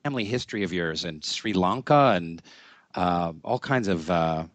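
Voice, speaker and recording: Male podcast host, low-pitched and effusive, dry close sound. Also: lively intonation, moderate pace, dry recording. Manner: effusive, warmly complimentary. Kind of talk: casual interview chat. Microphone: video call interview.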